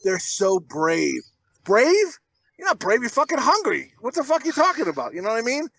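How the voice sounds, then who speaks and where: A podcast co-host with a very high, creaky, somewhat bright voice and huge pitch swings talks at a moderate pace in casual chat, rambling through stories and ribbing his friends with crude, profane jokes. The audio quality is poor.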